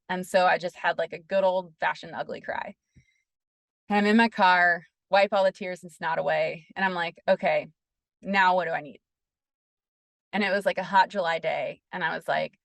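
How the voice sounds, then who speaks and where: This podcast guest is a woman with a gravelly, fairly low voice, recorded dry with no room sound. Speaking at a moderate pace, she shares a personal story earnestly and casually, sprinkling in "like" again and again.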